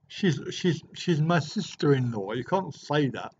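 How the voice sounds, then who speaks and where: Hosting a livestream from a hotel room, a middle-aged man answers viewer comments with easygoing chat and jokes. His voice is on the high side, expressive, husky and unhurried. The recording is dull lo-fi livestream audio.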